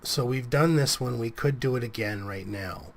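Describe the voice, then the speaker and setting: A man's voice: mid-range voice, normal speed, creaky, crowd noise. A man giving casual, rambling gameplay commentary as a let's play host, a bit sniffly with a cold coming on. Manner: rambling, self-correcting, chatty.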